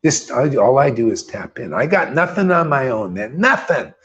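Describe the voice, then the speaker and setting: A man's voice: mid-range voice, very animated, normal speed, fairly bright tone, dull audio. A man preaching informally to a small group as a spiritual teacher, emphatic and casual, with blunt, mocking asides and swearing. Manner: emphatic and casual, often calls listeners "man".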